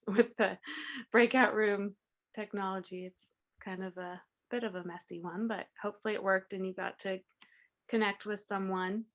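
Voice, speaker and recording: A woman's voice: mid-range voice, fairly bright tone. A woman facilitator hosting an online workshop in a casual, friendly way with some fillers.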